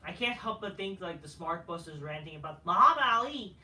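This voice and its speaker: A man's voice: sits high, lively intonation, a little fast, pushed and bright. A man giving a casual ranting review of a wrestling show, profane, dismissive and rambling. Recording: roomy, faint noise, from a distance.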